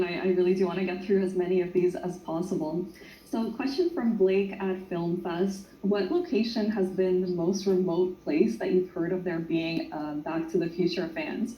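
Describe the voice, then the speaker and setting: A woman moderating a panel, reading audience questions in a brisk, upbeat way. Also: lowish voice, fairly even intonation, dark tone. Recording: echoey lo-fi room with faint noise.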